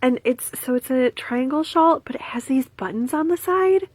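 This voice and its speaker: A young woman vlogging about crafts and a gift package, gushing with excitement and dropping from soft whispers to squeals. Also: high-pitched, moderate pace, dry recording. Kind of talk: casual vlog, showing crafts.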